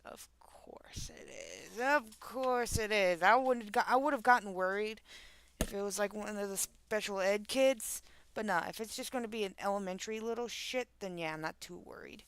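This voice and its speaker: A woman's voice: medium pitch, moderate pace, clear, resonant tone, no room sound. A young woman streamer from the northern United States, reading online stories aloud and adding casual, swear-laden commentary. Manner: casual, swears and laughs in asides.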